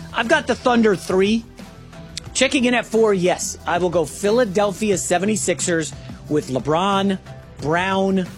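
A man filling in as sports radio host, talking through a chatty monologue of rapid opinions with fillers and restarts. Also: high voice. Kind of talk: sports talk show monologue.

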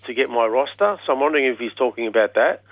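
A man's voice: medium pitch, fast, no room sound, lo-fi sound. A man calling a talkback radio show, rambling and hesitant with many fillers. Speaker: caller.

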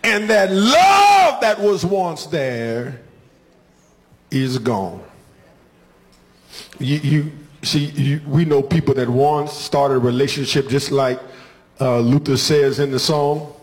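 A man preaching a sermon in a rhythmic, call-and-response style, building from quiet talk to shouted climaxes. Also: on the high side, lively intonation, slow, pauses often.

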